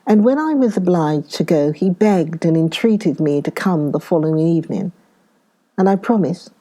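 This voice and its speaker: A woman reading a classic novel aloud in a slow, deliberate, expressive first-person narration. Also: lowish voice. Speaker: audiobook reader.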